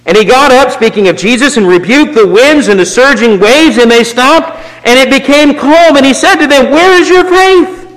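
A man preaching a sermon, swinging from raised emphatic lines to low, quiet asides. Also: moderate pace, few pauses. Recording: long reverb of a hall.

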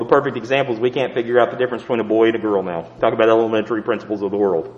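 A male preacher telling a story in a sermon, swinging between loud emphatic peaks and hushed low asides. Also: steady tone, racing, few pauses, long reverb tail, low-quality recording.

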